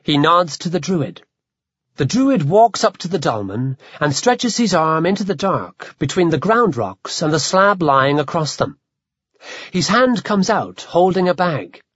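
Lively male audiobook narrator. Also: on the high side, slightly rough, no room sound. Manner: vivid, measured storytelling. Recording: dull, dry lo-fi.

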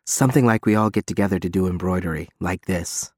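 A man voicing a shy, timid woman who mumbles softly. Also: deep voice, fast talker, no echo, clean studio sound, voice pushed down. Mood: mournful. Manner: mumbling, soft.

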